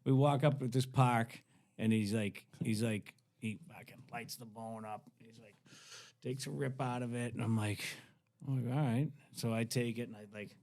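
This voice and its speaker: A man in his forties, a podcast guest, telling a story casually in a rambling, profane, animated way with many restarts. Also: medium pitch, normal speed.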